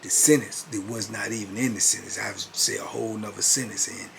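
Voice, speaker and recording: A man's voice: fairly low pitch, fairly even intonation, brisk, creaky, a bit bright, a little hiss or hum. A man in his fifties telling a story in a laid-back, conversational way, full of "you know what I'm saying". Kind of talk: casual storytelling.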